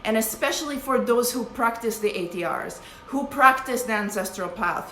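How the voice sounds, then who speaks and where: A woman's voice: mid-range voice, moderate pace, hardly any pauses, pushed and bright, slight background noise. A woman giving an impassioned, profane live-stream talk to her followers as a spiritual teacher. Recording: echoey room with faint ambience.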